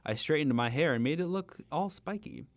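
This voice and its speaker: A man's voice: on the high side, expressive, fairly quick, no room sound. A young man hosting a comedy read-through of fan fiction, giggling and stumbling over names with chatty asides. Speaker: host reading fan fiction aloud.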